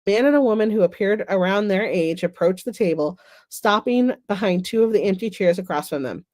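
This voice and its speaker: A woman author reads her novel aloud at a middle pitch. She narrates in an even storybook tone and breaks off now and then for self-deprecating asides. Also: brisk, dry recording.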